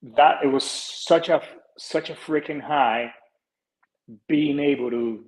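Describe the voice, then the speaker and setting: A slightly high, a little mellow male voice belongs to a Colombian-born podcast host in his forties who takes his time speaking. He's earnest yet casual and rambling, with lots of fillers, restarts and casual swearing. The recording is rough.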